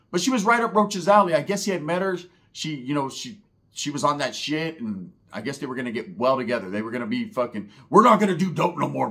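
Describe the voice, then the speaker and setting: A man spins a comic story with profane, slang-heavy rambling. His voice sits a little high for a man, loose and conversational. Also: a bit bright. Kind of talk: comedic storytelling.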